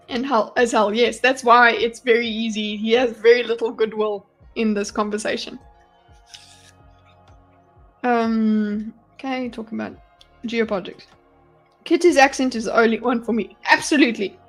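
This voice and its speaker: South African woman streaming from home. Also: fairly high pitch. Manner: chatty, animated, swears and laughs often. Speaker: streamer reading chat. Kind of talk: casual live-stream commentary. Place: her home. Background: faint music.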